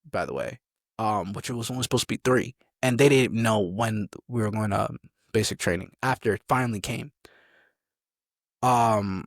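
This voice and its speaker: A man's voice: lowish voice, no room sound, clean studio sound. A young man, a soldier, telling army stories in a rambling, casual way as an interview guest. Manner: rambling, gets sidetracked, acts out drill sergeants.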